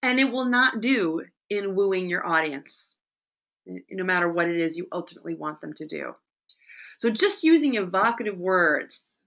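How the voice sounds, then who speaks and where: A woman leads a webinar lesson in a bright, forceful voice. She talks in a lively, chatty way and keeps checking in with her listeners. The audio is slightly dull and lo-fi. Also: on the low side. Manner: lively and chatty, often asks "right?". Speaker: presentation coach hosting a webinar. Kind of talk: webinar teaching.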